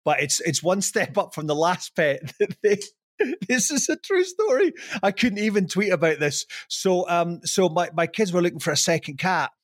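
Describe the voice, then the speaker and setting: A middle-aged man talking on a podcast, with a voice sitting a touch high for a man. He rambles, makes fun of himself and breaks into laughs often. The sound is dry and close, with no room around it. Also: very animated, moderate pace, no room sound. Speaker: podcast guest. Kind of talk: casual podcast chat.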